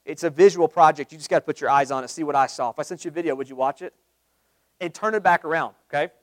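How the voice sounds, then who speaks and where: A man giving a live sales training talk to a group, energetic, quizzing the room with questions and acting out sample calls. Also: high voice, no room sound. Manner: acts out sample phone calls.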